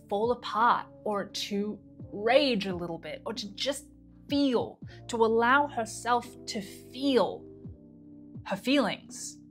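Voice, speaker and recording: A woman working as a mind-body coach, telling a story to camera in a conversational way and re-enacting the words of the people in it. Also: mid-range voice.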